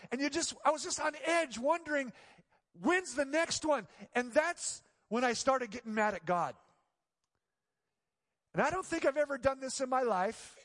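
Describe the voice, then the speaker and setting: A middle-aged male pastor tells a story from the pulpit, his voice sitting high and swelling into loud, pleading cries. The sound rings with the long reverb of a church sanctuary. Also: lively intonation, moderate pace. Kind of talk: sermon.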